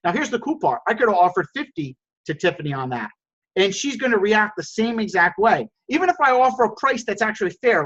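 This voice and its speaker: An energetic male sales coach with a high voice who keeps repeating his key points. The recording sounds dull and lo-fi. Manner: energetic and repetitive, addresses listeners as "guys". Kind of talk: coaching call to course members.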